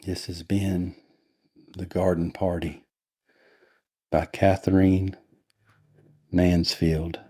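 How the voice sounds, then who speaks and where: A man reading a story aloud in a deliberately dull, unhurried way for bedtime listening. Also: sits low, breathy edge, no echo, studio quality. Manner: flat, unhurried, monotonous. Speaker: podcast host and reader.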